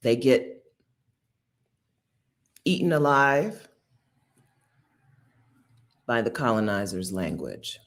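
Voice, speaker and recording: A woman in her fifties from Delaware, hosting and giving casual commentary, emphatic and quick to laugh. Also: rumbling low. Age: 50s. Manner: animated, emphatic, laughs often. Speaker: host.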